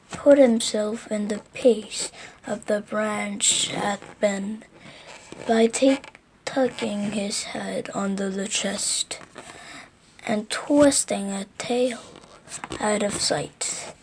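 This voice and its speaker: A woman reading a children's storybook aloud at a slow, careful pace, now and then stumbling over words. Her voice has a gravelly texture. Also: mid-range voice, fairly even intonation, darkish tone, a little hiss or hum. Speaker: reader.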